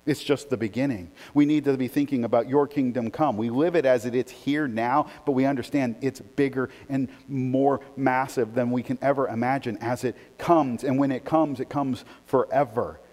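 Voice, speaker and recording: A man preaching a sermon as pastor, shifting from quiet reflection to animated, emphatic delivery. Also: medium pitch, normal speed, few pauses, long reverb tail.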